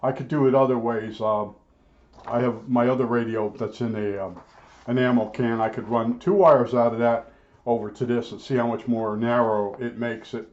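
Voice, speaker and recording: Middle-aged male hobby vlogger, mid-pitched, halting casual delivery, lo-fi audio. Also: steady tone, a little mellow. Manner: halting, many uhs and restarts. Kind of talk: casual rambling talk. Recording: dull lo-fi sound.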